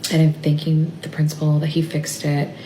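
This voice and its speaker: A tearful woman recording a personal video diary, talking haltingly and trailing off into near-whispers. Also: low-pitched, completely flat delivery, mellow, echoey room, slight background noise, low-quality recording. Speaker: mother vlogging about family illness. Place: stepped away from her workplace. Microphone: phone.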